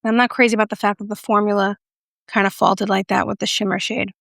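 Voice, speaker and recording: A chatty woman talks through a makeup review in a playful, joking way. Her voice carries a gravelly edge of vocal fry, and it sounds dry and close, with no room echo. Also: mid-range voice, level tone, fast, fairly bright tone. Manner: playful, chatty, jokey asides. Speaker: beauty vlogger.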